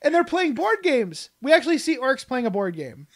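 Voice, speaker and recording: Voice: high voice, very animated, normal speed. A podcast co-host chatting enthusiastically about a book, rambling with frequent restarts and laughs. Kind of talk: casual chat.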